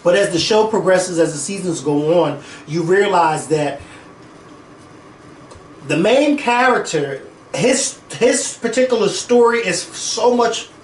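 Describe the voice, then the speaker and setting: A man's voice: sits high, animated, takes it slowly. A man co-hosting a casual chat, enthusiastic and laughing often. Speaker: podcast co-host. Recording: echoey room, voice from a distance, faint noise.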